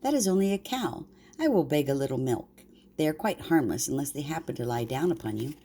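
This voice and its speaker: An older woman voicing a gentle, homesick male country mouse in a bedtime story, speaking softly and earnestly. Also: sits low, animated, a little fast, a little hiss or hum. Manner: soft and earnest.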